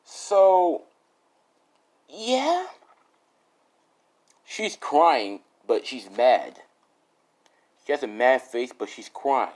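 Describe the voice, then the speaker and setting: A young man rambles through an improvised fan story in a slow, loose way. He keeps cracking himself up and trailing off into asides. His voice sits at a middling pitch. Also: big pitch swings, darkish tone.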